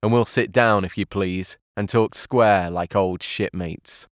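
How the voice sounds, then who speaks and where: A man's voice: lowish voice, a little slow, no room sound, studio quality, natural voice. A man voicing a fawning, sneering old male pirate with a sly, wheedling way of talking.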